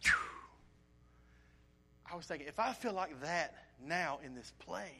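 An earnest man in the pulpit with a voice that sits a little high. He tells his story with feeling and acts out the asides himself, then moves into preaching. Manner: animated storytelling with acted-out asides; emotional, earnest. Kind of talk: sermon with a personal story.

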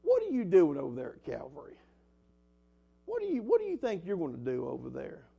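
A man's voice: on the high side, wildly swooping pitch, brisk, gravelly, mellow, slightly rough, muffled recording, heavily acted. A man voicing the devil, who taunts a young preacher with scornful, mocking questions.

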